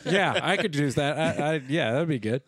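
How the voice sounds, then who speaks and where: A man's voice: fairly high pitch, animated, moderate pace, fairly bright tone. A man co-hosting a casual podcast, tossing in dry jokes. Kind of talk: casual chat.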